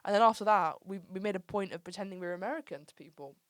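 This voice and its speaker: A woman's voice: medium pitch, very fast, no echo. A woman from England in her twenties, hosting a casual chat and telling stories, full of "like" and "um". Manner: chatty storyteller, lots of "like" and "um". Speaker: podcast host.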